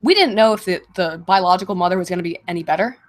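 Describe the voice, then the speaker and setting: A woman casually chatting on a livestream Q&A, getting over a cold and clearing her throat, laughing often and swearing freely. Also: fairly low pitch, rapid-fire. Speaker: streamer answering viewer questions.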